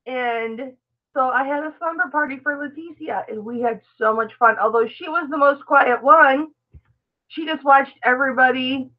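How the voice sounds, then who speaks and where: A middle-aged woman talks warmly and at length to her live-stream viewers, calling them baby and answering their comments. Her voice sits a little high. The sound is thin and phone-like. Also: moderate pace. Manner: chatty, affectionate, reads and answers viewer comments aloud. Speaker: live-stream host, reseller. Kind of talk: casual live-stream chat.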